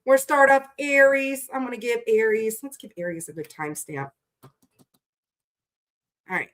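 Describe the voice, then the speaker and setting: Tired woman doing a tarot live stream, kinda high voice, chatty and playful, says hi to everyone in chat, swears casually. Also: lively intonation, normal speed, a bit bright. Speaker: tarot livestream host. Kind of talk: casual livestream chat greeting viewers.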